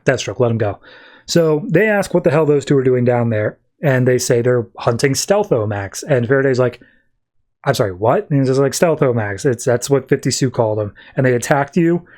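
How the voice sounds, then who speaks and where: A man recapping a comic book issue in casual podcast chat, acting out lines of dialogue in quick quotes, with a lot of filler words. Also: medium pitch, darkish tone. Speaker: podcast host.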